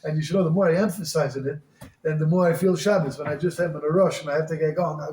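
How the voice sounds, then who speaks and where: A man giving a Hasidic sermon as a rabbi, swinging from crying-out pleas to quiet storytelling, with Yiddish and Hebrew words mixed into his English. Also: fairly high pitch, fairly even intonation, rapid-fire. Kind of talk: Hasidic sermon to a small group. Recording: echoey room with faint noise.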